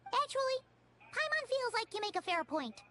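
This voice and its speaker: A woman's voice: extremely high pitch, big pitch swings, moderate pace, background noise. A woman voicing Paimon, a tiny, chatty, girlish floating companion in a video game who talks about herself in the third person. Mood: skeptical. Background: game music.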